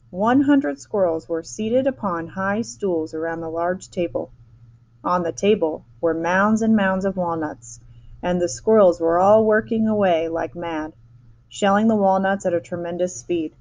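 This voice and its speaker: A woman reading a children's chapter book aloud, lively, with small slips and restarts. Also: on the low side, measured pace. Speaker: storyteller.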